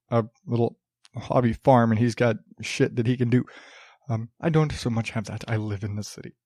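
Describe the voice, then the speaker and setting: A man's voice: medium pitch, no echo, studio quality. Rambling casual male podcast host. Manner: rambling, many fillers and restarts, swears casually. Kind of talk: casual solo podcast talk.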